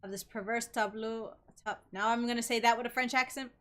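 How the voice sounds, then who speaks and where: A woman streamer giving casual gameplay commentary, reacting animatedly and reading on-screen text aloud haltingly. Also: on the high side, steady tone, a bit bright. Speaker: game streamer.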